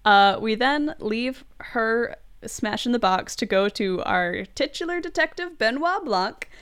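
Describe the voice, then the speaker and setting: Smooth-voiced woman podcast host. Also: on the high side, animated, unhurried, a bit bright. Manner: recaps scenes, laughs often. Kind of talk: casual film recap chat.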